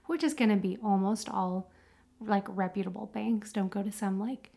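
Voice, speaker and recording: A woman co-hosting a podcast, talking in a chatty, animated way with many fillers. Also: mid-range voice, moderate pace, vocal fry. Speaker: podcast co-host. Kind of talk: casual chat.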